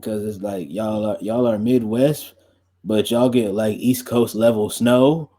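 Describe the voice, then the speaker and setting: Young male podcast host, low and warm, rambling chatty delivery full of "like"s. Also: steady tone, unhurried. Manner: loose and chatty, many fillers, laughs often. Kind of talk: casual rambling chat.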